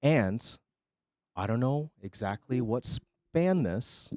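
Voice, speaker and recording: A man streaming, telling his chat a story in a casual, animated way, swinging between loud and quiet and swearing freely. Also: medium pitch, takes it slowly, no room sound, studio quality.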